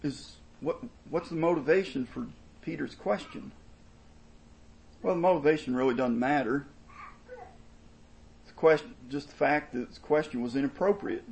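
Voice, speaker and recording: Gravelly-voiced man preaching earnestly. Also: fairly high pitch, a little mellow, low-quality recording. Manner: earnest expository preaching, emphatic and repetitive. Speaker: pastor. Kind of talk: sermon.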